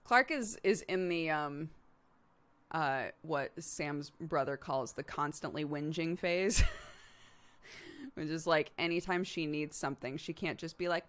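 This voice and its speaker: A woman in her thirties with a low, slightly bright voice and a measured pace hosts a live stream. She chats casually with viewers, laughing often as she shares stories about her toddler.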